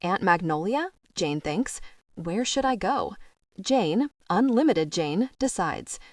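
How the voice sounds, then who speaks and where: A woman narrating a young adult audiobook in a measured and expressive way. Her mid-pitched voice is dry, with no room sound. She sits a little back from the microphone. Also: dry recording. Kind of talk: scripted narration. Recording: dry, slightly distant mic.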